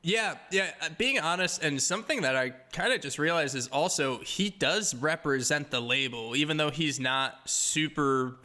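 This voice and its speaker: A man's voice: fairly high pitch, normal speed, few pauses, pushed and bright. A man co-hosting a casual movie podcast, rambling through plot points with restarts. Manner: rambling, restarts phrases, laughs while telling. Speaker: podcast co-host.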